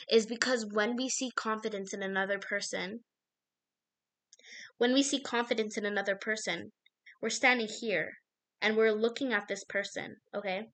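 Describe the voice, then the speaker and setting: A woman with a mid-range, slightly bright voice gives the viewer an intuitive card reading. She meanders, leans heavily on fillers, and keeps losing her thread, interrupting herself to start over.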